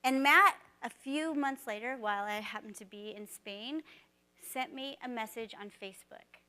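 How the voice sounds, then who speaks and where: A woman, a former teacher, giving a storytelling keynote talk in an animated way, acting out the dialogue she quotes. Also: on the high side, moderate pace, clean tone.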